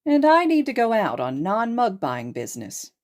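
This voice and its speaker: A woman reading a podfic and voicing a loud, cheerful, flamboyant young father who yells happily. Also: a little high, wildly swooping pitch, moderate pace, voice pushed up. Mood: exuberant. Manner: exuberant, sing-song, yelling.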